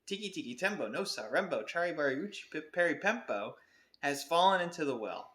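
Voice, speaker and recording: A frightened little boy gasps out urgent pleas in a storybook reading, his voice pitched up and bright, as a man puts him on. The sound carries a roomy echo. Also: big pitch swings, a little fast. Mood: pleading. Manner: breathless, urgent pleading. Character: little boy, anxious and breathless.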